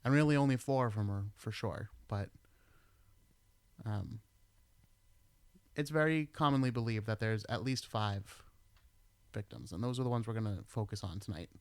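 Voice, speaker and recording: A man's voice: fairly low pitch, normal speed, long pauses, clean tone, no room sound. A middle-aged American man hosting a podcast, chatting casually and telling stories with the odd swear word. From United States. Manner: laid-back, swears casually, tells stories. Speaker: podcast host. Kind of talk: casual chat.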